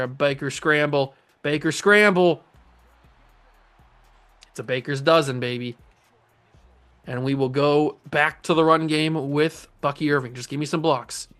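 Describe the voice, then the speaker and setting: A young man casually commentating his own video game play as a channel host, excitable and jokey, talking to the players on screen. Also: on the high side. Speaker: gaming YouTuber host.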